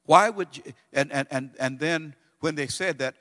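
A man preaching a sermon, swinging between loud bursts and hushed, slowed-down quotations. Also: a little high, big-room sound. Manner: preaching with dramatic swings of volume and pace, drawn-out quotes.

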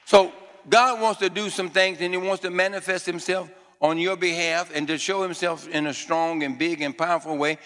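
Fervent preacher man, bright voice. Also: sits high, fairly even intonation, normal speed. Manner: call-and-response preaching, repeats phrases and quizzes the congregation; fervent declarations in a raised voice. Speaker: pastor. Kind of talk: sermon. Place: church sanctuary before a congregation. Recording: long reverb of a large church hall.

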